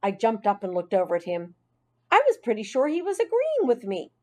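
A woman narrating a children's audiobook in an expressive, unhurried storytelling manner. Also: a little high.

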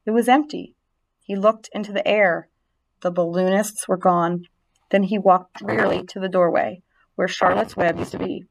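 A woman reads a storybook aloud in a gentle, expressive way, her pitch sitting in a middling range. She lets the story's quiet moments settle. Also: moderate pace, vocal fry. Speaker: narrator. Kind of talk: storybook reading.

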